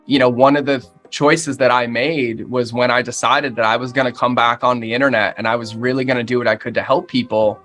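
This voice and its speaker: Male podcast guest, mid-pitched, emphatic motivational speaker, faint music bed. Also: pushed and bright. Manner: emphatic, punchy, repeats phrases for effect. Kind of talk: motivational interview talk.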